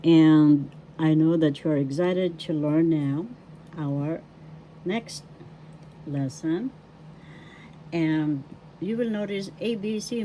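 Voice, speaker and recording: An older woman from the Philippines, a language teacher and author, introducing a video lesson in a formal, deliberate way and repeating her name and degrees. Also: sits low, dark tone, a little hiss or hum. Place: her home in New York City.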